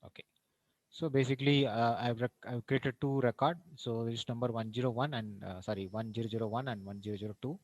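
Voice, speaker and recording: A man's voice: mid-range voice, steady tone, fairly quick, a little mellow, dry recording, rough recording. A male college lecturer with an Indian English accent, walking through a programming tutorial in a hesitant way with many fillers. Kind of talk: screen-recorded programming tutorial.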